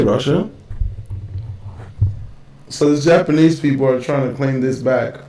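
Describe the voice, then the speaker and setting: A man's voice: mid-range voice, measured pace, long pauses, warm tone, roomy sound, distant mic, rough recording. A man hosting a casual live stream, rambling and joking as he reacts to news clips and calls to someone off mic. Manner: rambling, jokey, talks to viewers and a partner off mic.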